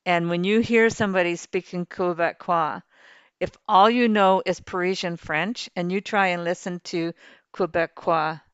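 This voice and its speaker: Playing a farming game on her livestream, the host rambles along in cheerful, chatty fashion and laughs readily. She has a lowish, smooth voice with a steady tone and moderate pace. The recording is dry and lo-fi.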